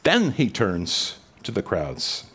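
A man preaching a conversational sermon, asking the crowd rhetorical questions and dropping his voice low when quoting scripture. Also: wildly swooping pitch, takes it slowly, bright, forceful tone, husky. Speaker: pastor. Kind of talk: expository sermon.

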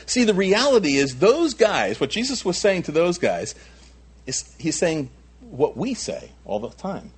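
A man's voice: fairly high pitch, big pitch swings, measured pace, breathy edge. A male pastor preaching a sermon in an emphatic way, often repeating himself and adding asides.

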